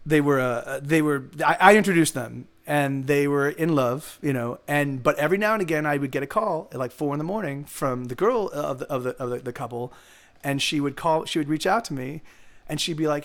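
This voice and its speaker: A man's voice: fairly high pitch, fairly quick, a bit bright. A man streaming live music, talking casually about writing a song, rambling with many restarts and swearing. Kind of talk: singing original songs, then casual chat.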